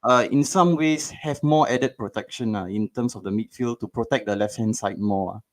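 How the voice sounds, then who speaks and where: A man's voice: mid-range voice, moderate pace. A male caller lays out his points methodically. He hesitates often, filling the gaps with ums and repeated words. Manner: analytical, hesitant, many filler ums. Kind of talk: phone-in analysis.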